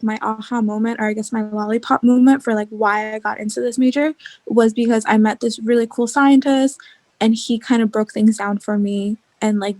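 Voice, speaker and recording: A woman's voice: fairly high pitch, darkish tone, no echo. A young woman, a physics student, sharing a story reflectively in a casual group call, with lots of "like". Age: young adult.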